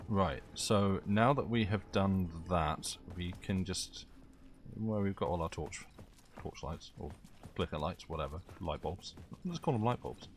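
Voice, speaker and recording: A fairly low-voiced man commenting on a horror game during a live stream, chatty and full of wry asides. Faint game sounds sit behind him. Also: a little slow, slight background noise.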